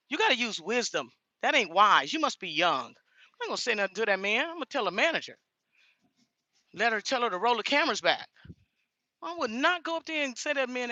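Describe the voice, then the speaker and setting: A middle-aged woman truck driver talks into her phone camera inside a grocery store, outspoken and animated. Her voice swings widely and has a bright, sharp edge. The sound is close and dry. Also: mid-range voice, dry recording, highs cut off. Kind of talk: casual vlog chat.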